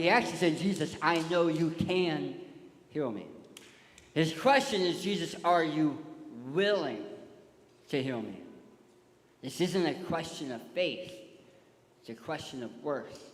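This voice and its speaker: A man preaching a sermon in a large church hall, animated and pulling a volunteer into the story. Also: fairly high pitch. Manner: animated, shouts cues to a volunteer. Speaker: guest preacher. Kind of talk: sermon with audience participation. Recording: echoey hall, long reverb.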